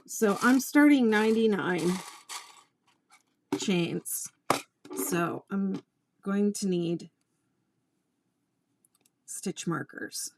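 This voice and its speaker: A woman teaching crochet in a casual tutorial, chatting with exasperated asides and quietly counting her stitches. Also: mid-range voice, lively intonation, very slow, creaky, long pauses, slight background noise.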